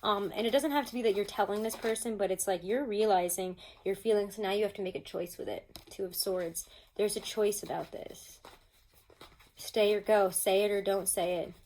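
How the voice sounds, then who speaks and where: A woman's voice: medium pitch, steady tone, normal speed, a little mellow, a little hiss or hum, low-quality recording. A woman giving a casual tarot reading at home, talking chattily to her viewers with many fillers. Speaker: tarot reader. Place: home with pets nearby.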